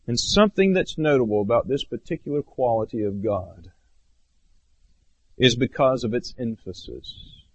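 A man preaching a sermon as pastor, earnest, swinging between raised emphatic phrases and low hushed ones. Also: expressive, normal speed, slightly rough, lo-fi sound.

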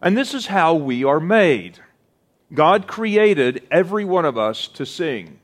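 A middle-aged man preaching a sermon, slow and deliberate, drawing out words for emphasis. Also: fairly high pitch, sing-song. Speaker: pastor.

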